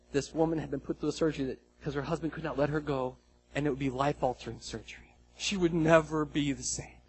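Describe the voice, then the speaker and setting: A man preaching a sermon as pastor, telling a story with lively acted-out dialogue. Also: a little high, slight background noise, low-quality recording. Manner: animated storytelling, acts out quoted dialogue.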